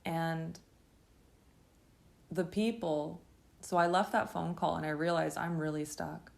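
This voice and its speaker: A woman with a low, gravelly voice heavy in vocal fry delivers a first-person testimony monologue. Her tone stays steady, yet she speaks in a halting, intense way, pausing and restarting often as she tells her story.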